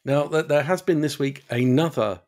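A man co-hosting a podcast in casual chat, wry and hesitant, pausing often. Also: fairly high pitch, a little mellow. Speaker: podcast co-host.

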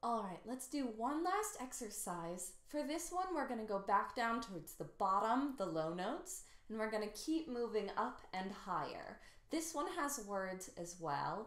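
Slow, encouraging woman voice teacher, slightly scratchy. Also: medium pitch, very animated. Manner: encouraging, coaching. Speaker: singing teacher. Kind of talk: beginner singing lesson. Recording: roomy echo, faint piano. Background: faint piano.

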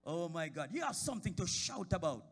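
A man in a church preaching a sermon. His voice rises from quiet talk to shouted high points, and he calls out members of the congregation by name. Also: big pitch swings, brisk, breathy edge, faint music behind. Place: church sanctuary.

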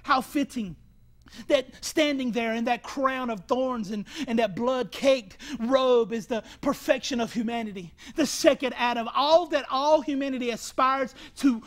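High-voiced emphatic male preacher. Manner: emphatic, rising to shouts on key phrases. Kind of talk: sermon.

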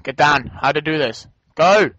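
A young man playing a video game with a friend, chatting casually, excitable and swearing as he cheers the game on. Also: mid-range voice, moderate pace, no room sound. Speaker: game co-player. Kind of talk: casual let's-play chat. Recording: dull lo-fi dry home recording.

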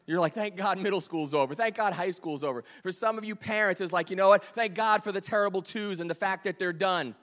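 A man preaching in a fairly high voice, animated and playful with his congregation. He jumps from loud exclamations to hushed, confiding lines. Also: a little fast, few pauses. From Delaware, US. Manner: animated, joking, swings between loud bursts and quiet asides. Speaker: pastor. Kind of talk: sermon.

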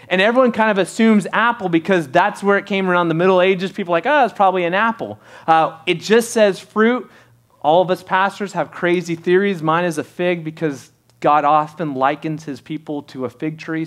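High-voiced preaching man. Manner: conversational preaching, rhetorical questions. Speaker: pastor. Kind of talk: sermon. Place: church sanctuary.

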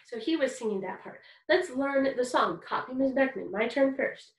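High, upbeat woman teaching kids music. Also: animated, normal speed. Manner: cheerful, encouraging, speaks simply to small children. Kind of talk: online music lesson for young children.

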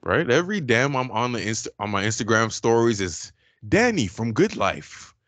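A man's voice: mid-range voice, big pitch swings, moderate pace, fairly bright tone, no room sound. A man co-hosting a podcast, chatting casually and jokingly, with lots of slang. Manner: laid-back and joking, with slang like "man", "bro" and "yous". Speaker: podcast co-host. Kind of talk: casual chat.

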